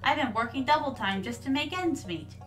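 A woman's voice: high voice, animated, fairly quick, fairly bright tone, far from the mic, faint music behind. A woman doing a folksy old fisherman. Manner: folksy old-sailor talk. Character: older male fisherman, friendly and folksy.

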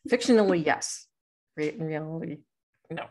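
Low and darkish in tone, her voice moves at a normal speed. She's hosting a podcast in a loose, playful, rambling chat full of laughter.

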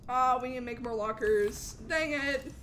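Woman, game streamer, high-pitched, excitable, hiccups, chatty. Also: moderate pace, background noise. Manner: excitable, talks to chat, frequent outbursts. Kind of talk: live gameplay commentary.

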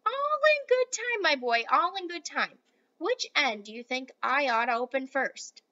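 A sly old grandfather, as a woman reading aloud puts him on, hushed and conspiratorial, bubbling with nervous excitement. His voice sits fairly high and comes across bright and forceful. The storybook recording sounds a little dull and lo-fi. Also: measured pace, exaggerated voice. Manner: whispering, conspiratorial.

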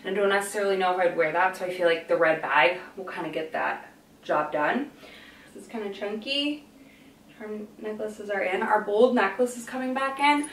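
A woman's voice: medium pitch, normal speed, distant mic, a little hiss or hum. Rambling young woman in an echoey room. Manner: rambling, goes off on tangents. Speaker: fashion vlogger. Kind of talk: casual chatty vlog. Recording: echoey room, voice a bit off-mic.

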